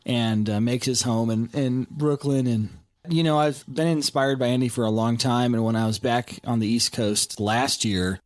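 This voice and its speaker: A man's voice: medium pitch, fairly even intonation, moderate pace, no echo. Enthusiastic male musician, dry sound. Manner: enthusiastic, jokey, many fillers. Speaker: composer and bandleader guest. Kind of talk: casual interview.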